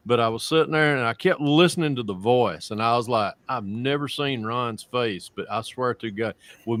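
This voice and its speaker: A man's voice: mid-range voice, fairly bright tone, no room sound. A man hosting a casual video-call hangout, rambling through stories and laughing often. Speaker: host. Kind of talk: casual chat.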